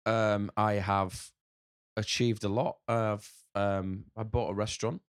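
A man's voice: fairly low pitch, fairly even intonation, slow, clear, resonant tone, no room sound, clean studio sound. A man with a northern English accent, a chef talking frankly in a casual podcast interview, swearing a lot and rambling. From north of England. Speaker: chef guest.

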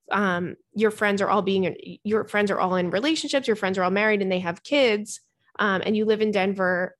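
A young woman hosting a podcast from her home, chatting frankly and casually about dating, swearing freely and calling her listeners "girl.". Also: medium pitch. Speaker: podcast host. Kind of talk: casual advice chat reading listener messages. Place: home bedroom with cats.

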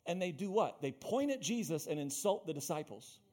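A male pastor delivers a sermon in a notably high voice. He preaches with emphasis, driving points home through repetition and direct calls to his listeners. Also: big pitch swings, normal speed, darkish tone. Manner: emphatic, repeats phrases and calls out to the congregation.

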